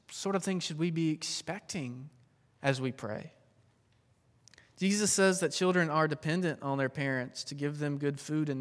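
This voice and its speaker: A man's voice: a little high, a bit bright, long reverb tail. A man, a youth pastor, preaching a sermon in an earnest, emphatic way, pushing harder on some points and easing off on others. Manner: earnest, emphatic preaching with rising and falling intensity.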